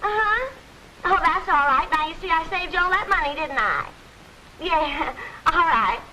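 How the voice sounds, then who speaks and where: A fluttery, scatterbrained woman in a 1940s film comedy. Her voice is very high, and the old soundtrack carries clear noise behind it. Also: expressive, normal speed.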